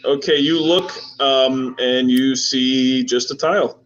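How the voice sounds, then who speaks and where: A man's voice: medium pitch, fairly even intonation, slow, fairly bright tone. A man running a tabletop game as game master, narrating loosely with many fillers. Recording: dull lo-fi recording with faint noise.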